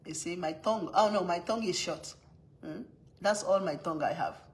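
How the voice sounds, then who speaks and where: Fairly quick and on the low side, this woman's voice comes through poor audio. She's a mother on a live stream with a strong non-native accent, chatting casually, laughing a lot, and greeting viewers by name.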